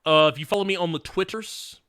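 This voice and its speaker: A man hosting a livestream, chatting frankly and excitably, laughing often and swearing as he answers viewer questions. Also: sits high, brisk, no echo, clean studio sound. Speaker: livestream host.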